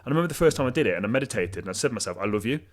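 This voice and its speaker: A man's voice: mid-range voice, lively intonation, very fast. A man guest on a podcast, telling his story candidly and with self-deprecating humour. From England.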